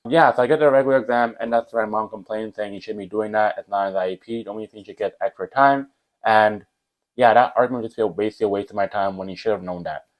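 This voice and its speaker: Young dude, lowish voice, talks fast, rambly storytime vlog. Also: male voice, rough recording. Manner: animated, rambling, with fillers like whatever and blah blah. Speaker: vlogger.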